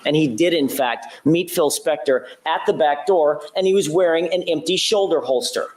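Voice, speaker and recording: Measured male prosecutor, courtroom address. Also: a little high, darkish tone. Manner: measured, methodical retelling with occasional self-corrections. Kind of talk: courtroom opening statement.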